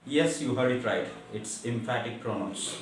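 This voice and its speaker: A man teaching a grammar lesson in a slow, deliberate way, leaning on key words as he explains. His voice is recorded from some distance in a strongly echoing room. A faint hiss sits under it. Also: mid-range voice. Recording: very echoey room, mic far off, faint hiss.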